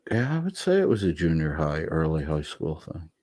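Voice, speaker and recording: A man's voice: extremely low pitch, wildly swooping pitch, normal speed, darkish tone, dry recording. A middle-aged man rambling through an unprepared monologue as a livestream host, reading chat messages aloud with a profane, sardonic edge. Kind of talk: unscripted monologue, casual chat.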